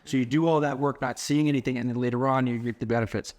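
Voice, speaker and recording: Fast-talking man telling stories on a podcast. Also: medium pitch. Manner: storytelling, quotes people in animated voices. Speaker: podcast co-host. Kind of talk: casual podcast chat.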